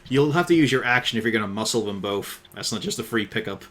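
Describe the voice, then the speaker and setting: Lively low-voiced man running a tabletop game. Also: fast talker, a little hiss or hum. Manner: casual, swearing, laughing between calls. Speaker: dungeon master.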